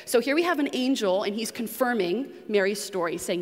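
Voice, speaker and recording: A woman's voice: a little high, animated, brisk, hardly any pauses. A woman from New England giving a conversational teaching sermon and putting questions to the congregation. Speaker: preacher. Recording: long reverb of a large room.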